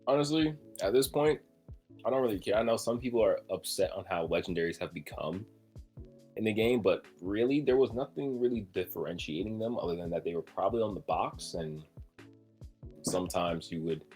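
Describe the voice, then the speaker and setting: Casual chat from a man with a low, husky voice, eager and rambly, a soft bed of music playing faintly behind him. he's a podcast co-host who keeps going on with lots of ums. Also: lively intonation, a little fast. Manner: enthusiastic, rambling with fillers.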